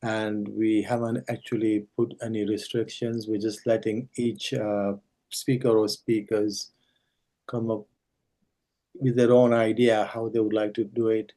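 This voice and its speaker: A man who organizes a scripture study series, gently encouraging and advising the speakers over a video call. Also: lowish voice, flat delivery, measured pace. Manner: gentle, encouraging, gives friendly advice. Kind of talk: devotional group discussion on a video call.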